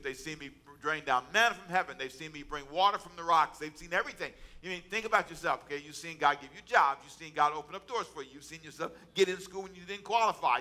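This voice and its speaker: A man's voice: fairly high pitch, bright, forceful tone. A man giving a sermon, preaching conversationally and asking the congregation rhetorical questions. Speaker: pastor.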